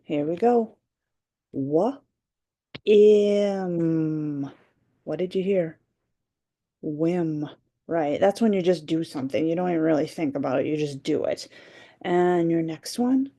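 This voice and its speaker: A woman teacher leading a phonics lesson for young children, sounding out words slowly and clearly for remote students. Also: sits low, expressive, mellow. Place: home or classroom, recording for remote students. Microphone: computer mic during screen share.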